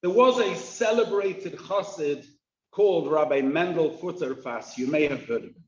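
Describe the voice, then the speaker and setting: Man, rabbi, high voice, slow and jovial, lo-fi hall recording. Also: a little mellow. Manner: jovial storyteller, joking with the audience. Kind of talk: humorous inspirational address. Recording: roomy, dull lo-fi hall recording.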